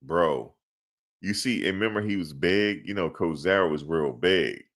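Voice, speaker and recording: A man's voice: deep voice, moderate pace, a bit bright. A man co-hosting a sports podcast in casual chat, slangy and laughing often.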